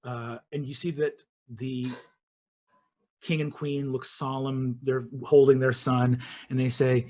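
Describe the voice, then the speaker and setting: Unhurried man narrating a tabletop game. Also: medium pitch. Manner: animated storyteller, voices characters. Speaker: dungeon master.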